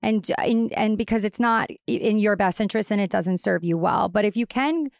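A woman from Long Island chatting as a podcast guest, talkative and self-deprecating with a slight twang. Her voice carries a gravelly fry. The sound is close and dry. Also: mid-range voice, fairly quick, dry recording. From Long Island, New York. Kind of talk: casual podcast chat.

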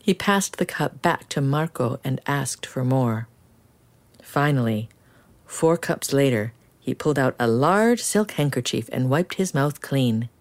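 A woman reading a children's picture book aloud in an expressive, animated storytelling style. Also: rumbling low, unhurried.

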